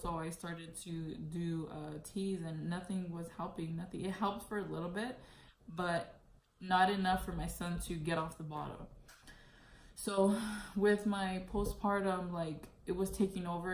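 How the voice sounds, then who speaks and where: A young woman vlogger telling a personal story candidly, with a lot of "like". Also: lowish voice. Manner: candid, heavy use of "like". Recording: echoey room, faint noise.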